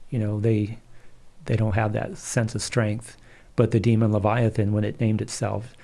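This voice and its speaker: A middle-aged man, a Catholic priest, calmly telling stories in an interview. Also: lowish voice. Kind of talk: storytelling in a livestream interview.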